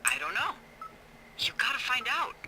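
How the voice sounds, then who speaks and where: A woman's voice: a little high, wildly swooping pitch, moderate pace. A woman voicing a teasing, wry female fire lookout who banters over the radio. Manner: playful, flirty banter. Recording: heavy background noise in game audio.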